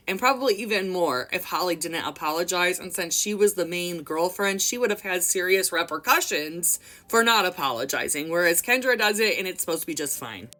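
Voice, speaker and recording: A woman's voice: medium pitch, sharp tone. A young woman reading a memoir aloud expressively, breaking off for casual commentary. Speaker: book reader and commentator.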